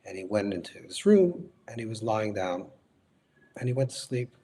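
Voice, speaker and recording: A man's voice: lowish voice, very animated, mellow, husky. A man, a rabbi, retelling a story as a lesson, restating his phrases and explaining Hebrew and Yiddish terms in English. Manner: unhurried, repeats and corrects himself mid-sentence. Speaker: rabbi teaching. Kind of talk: storytelling lecture.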